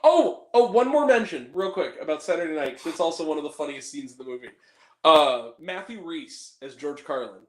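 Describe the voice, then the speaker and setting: A man's voice: on the high side, brisk, echoey room. A man hosting a casual film podcast, talking animatedly and quoting movie lines. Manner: animated, quotes movie lines in put-on voices. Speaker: podcast host.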